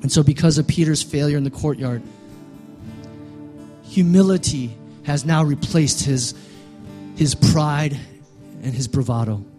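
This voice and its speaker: A male pastor preaching a sermon, building to loud, emphatic peaks and dropping quiet again. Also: on the high side, unhurried, long pauses, faint music behind.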